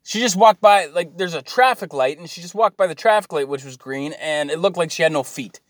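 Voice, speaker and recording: A man's voice: on the high side, fairly quick, no echo, clean studio sound. A man, ranting and swearing in a mocking, exasperated monologue to his viewers.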